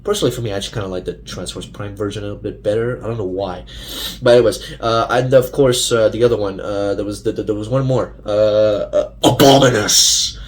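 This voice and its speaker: Young male vlogger, lowish voice; loose, rambling casual rant full of fillers. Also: fairly even intonation, fast talker, darkish tone. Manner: rambling, many fillers and restarts. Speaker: fan vlogger.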